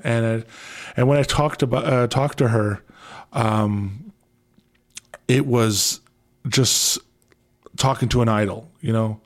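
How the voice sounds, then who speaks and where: A man with a Canadian accent, hosting his last radio show in a studio and telling stories in a rambling, excitable way with many restarts. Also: mid-range voice, slow pace, pauses often. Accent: Canadian English. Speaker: departing radio show host. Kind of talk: casual radio interview.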